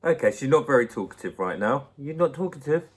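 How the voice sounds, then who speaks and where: A mid-range male voice with lively intonation, moving a little fast: the young man is hosting his own channel at home, answering viewer questions into a laptop mic. He's playful, laughs frequently, and addresses a baby.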